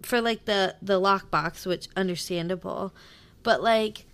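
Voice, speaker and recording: A woman's voice: mid-range voice, a little slow, fairly bright tone, smooth. A woman co-hosting a podcast, talking animatedly about a book with lots of fillers and some swearing. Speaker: podcast co-host. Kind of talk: casual book chat.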